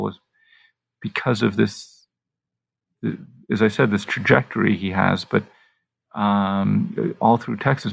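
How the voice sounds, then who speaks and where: Gravelly, husky man talking haltingly. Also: medium pitch, dry recording. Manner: halting, thinks aloud with many pauses and restarts. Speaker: author being interviewed. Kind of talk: thoughtful conversational interview.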